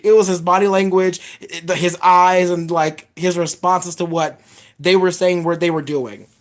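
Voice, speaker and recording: A woman's voice: fairly low pitch, steady tone, moderate pace. A woman giving a casual spoiler review of a film, blunt, profane and rambling as she retells scenes. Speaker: movie reviewer.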